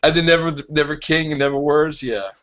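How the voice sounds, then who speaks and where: A man co-hosting a casual podcast chat, rambling and animated as he pitches ideas and acts out quick quotes. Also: very noisy. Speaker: podcast co-host. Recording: dull lo-fi sound.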